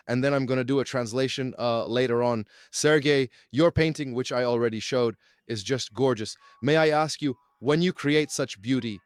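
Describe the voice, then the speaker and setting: A man's voice: mid-range voice, no echo. A man interviewing a painter, gushing and asking his questions earnestly. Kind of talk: on-camera interview.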